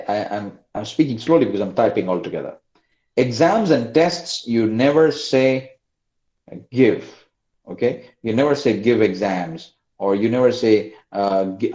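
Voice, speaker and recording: A male English teacher runs an online class, repeating his prompts and coaxing quiet students to answer. His pitch moves up and down a lot. The sound is roomy, dull and lo-fi, as from a computer mic.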